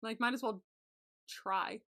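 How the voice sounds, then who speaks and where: A woman's voice: fairly high pitch, fairly even intonation, slow pace, sharp tone. A woman co-hosting a podcast, reacting to a TV episode recap in casual chat and laughing often. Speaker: podcast co-host.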